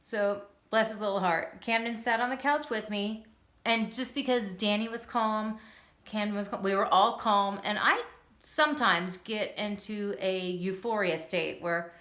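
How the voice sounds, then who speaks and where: A woman's voice: mid-range voice, measured pace, a bit bright. A woman in her thirties, speaking casually to her camera at home. She tells a personal story in a chatty, upbeat way and laughs often. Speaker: vlogger sharing her epilepsy journey. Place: living room at home. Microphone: phone or camera on a stand. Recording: roomy home echo.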